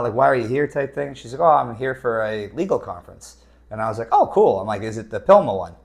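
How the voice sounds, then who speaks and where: A young man from Canada telling a personal story in a loose, casual way, with lots of fillers and swearing, and quoting other people in his own voice. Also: on the low side.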